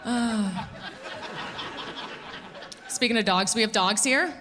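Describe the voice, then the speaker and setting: A woman in her thirties doing a stand-up comedy set on a club stage, animated and laughing at her own jokes as she talks to the crowd. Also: sits high, measured pace, pauses often.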